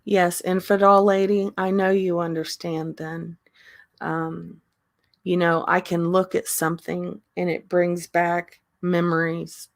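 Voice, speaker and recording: A woman hosting a casual livestream, talking slowly with many pauses and ums and often laughing. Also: on the low side, level tone, no echo. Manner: slow, halting talk with frequent ums and laughter. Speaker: livestream host.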